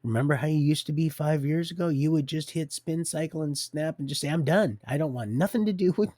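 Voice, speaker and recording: A man voicing God as a calm fatherly man. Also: on the high side, a little fast, no echo, clean studio sound, pitched above the performer's own voice, natural voice. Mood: reassuring. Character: God speaking, calm patient fatherly male voice.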